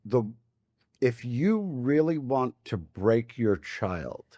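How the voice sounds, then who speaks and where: A man co-hosting a podcast, speaking in a reflective, measured way as he gives life advice. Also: medium pitch, sing-song, warm tone, no room sound, clean studio sound. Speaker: podcast co-host. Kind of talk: casual podcast chat.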